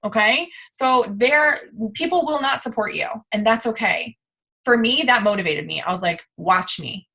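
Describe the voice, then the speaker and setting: On a video call, a woman in her thirties who leads a sales team gives a motivational training talk, emphatic and repeating her points for effect while constantly saying "you guys." Her voice is a little high, bright and forceful, at normal speed.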